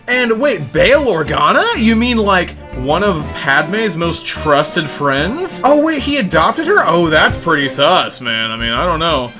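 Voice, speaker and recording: A man's voice: on the high side, sing-song, a little slow, sharp tone. A young man giving a sarcastic, exasperated review rant in a home recording. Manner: sarcastic, exasperated, mock-dramatic grieving bit. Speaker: YouTube reviewer. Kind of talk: ranting review monologue. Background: faint music.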